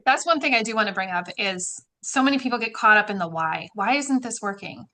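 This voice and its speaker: A woman on a roundtable panel, talking in a quick, upbeat way over a video call. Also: medium pitch, expressive, sharp tone. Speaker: roundtable co-host. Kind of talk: casual roundtable chat.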